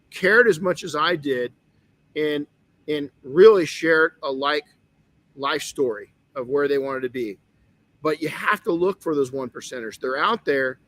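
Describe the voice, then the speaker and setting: A man's voice: a little high, fairly bright tone. Candid man telling a personal story. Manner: candid storytelling, frequent restarts. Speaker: podcast host. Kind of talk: motivational podcast talk.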